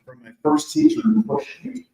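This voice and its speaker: A male author speaking to an audience shares a candid, joke-filled personal story in a conversational tone. His very high voice is gravelly yet mellow, at normal speed. Recorded in a big event hall, it comes across echoey and far off.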